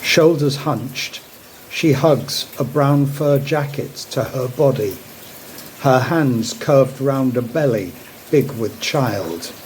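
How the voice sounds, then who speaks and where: A man giving a slow, measured reading of a literary short story. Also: mid-range voice, darkish tone, a little hiss or hum, low-quality recording. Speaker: narrator.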